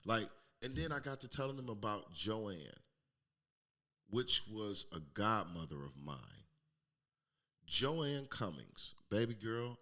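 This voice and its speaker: A middle-aged man hosting his own podcast, telling a raw, emotional personal story with plenty of profanity and sometimes dropping to a hush. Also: on the low side, animated, measured pace. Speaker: podcast host. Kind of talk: candid personal monologue.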